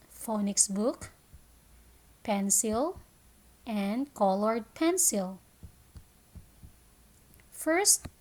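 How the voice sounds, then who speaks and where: A woman teaching an online kindergarten phonics lesson, speaking slowly and clearly and drawing out each sound. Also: on the high side, a little mellow. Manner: slow, clear teacher talk with drawn-out sounds.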